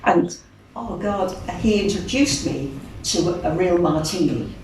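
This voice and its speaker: An older English woman with a Birmingham accent, a singer, is a guest in a casual storytelling interview in a venue room. She speaks slowly in a lowish voice, chatty and animated, laughing often and acting out other voices. A distant mic in the echoey room picks up a little hiss or hum.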